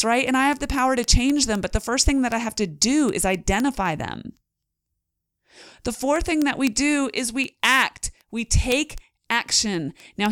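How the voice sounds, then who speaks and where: A woman's voice: fairly high pitch, no room sound, clean studio sound. Earnest woman coaching on mindset. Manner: earnest coaching tone, acts out inner voices. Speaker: podcast host. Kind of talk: motivational podcast monologue.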